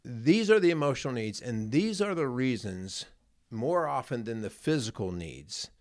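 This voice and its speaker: A man's voice: mid-range voice, very animated, normal speed, a little mellow, no echo, clean studio sound. A middle-aged man, a marriage coach co-hosting a podcast, telling a personal story in an earnest, rambling way. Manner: earnest, rambling, repeats words. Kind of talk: casual chat, storytelling.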